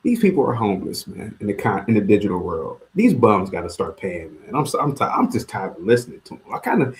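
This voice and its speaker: A man calls in to a livestream panel and rants with a lot of repetition. His pitch swings widely, and his delivery is heated and casual. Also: quick pace. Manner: ranting, repeats himself, animated. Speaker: call-in panelist. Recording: online livestream call.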